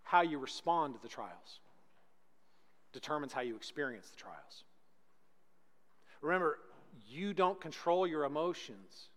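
A man preaching a sermon as pastor, swinging between loud emphatic peaks and hushed, slow lines. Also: on the high side, lively intonation, in a large hall.

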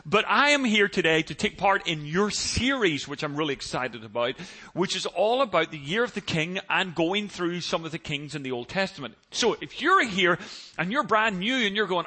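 A man's voice: high-pitched, moderate pace. A middle-aged man from Ireland with an Irish accent, a guest pastor joking with the congregation at the start of a sermon in a large church. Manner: joking, lively, self-deprecating.

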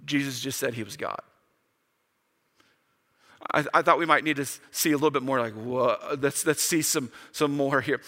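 A man's voice: normal speed, pauses often. A man preaching a sermon, talking casually and acting out the quotes with big swings in his voice. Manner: animated, acts out quotes with big pitch jumps. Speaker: pastor. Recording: long hall reverb.

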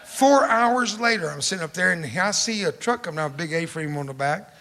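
An older man spinning a humorous folksy yarn and acting out every voice in it. His voice sits a touch higher than most men's and carries a long echo from a large hall. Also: fairly quick. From Texas. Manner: animated, acts out dialogue. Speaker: storyteller speaker.

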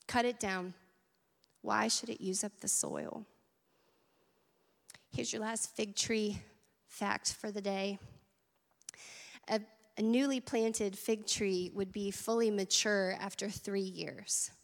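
A woman's voice: mid-range voice, fairly even intonation, slow, creaky, pauses often, long reverb tail. A woman preaching a sermon at church, earnest and conversational, with asides to the congregation. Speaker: teaching pastor.

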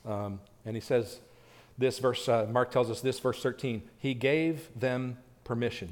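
Male pastor preaching in a reverberant church. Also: unhurried. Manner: animated preaching, acts out quoted pleas with raised pitch and volume. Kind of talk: sermon. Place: church sanctuary.

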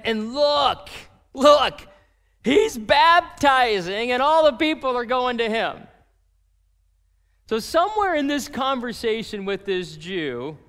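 A man preaching a sermon as pastor, animated and acting out the voices of people in his story. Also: high voice, in a large hall.

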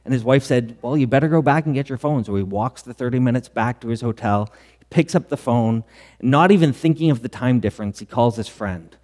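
A middle-aged man preaching in a church hall, his voice trailing a long reverb. His pitch sits in the middle range for a man, and he tells stories in an earnest way with quoted dialogue. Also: brisk, a little mellow. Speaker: pastor. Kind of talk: sermon.

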